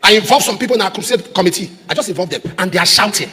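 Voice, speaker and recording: A man preaching a sermon as pastor, repeating refrains and rising to shouts. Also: high-pitched, very fast, husky. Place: large church auditorium. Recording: echoey church hall.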